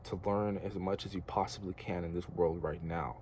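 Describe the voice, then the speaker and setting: His voice is low, steady, and darkish, at a normal pace, over a faint hiss or hum. The young American vlogger gives a casual, earnest spiritual talk to camera that wanders and leans on slang and filler words.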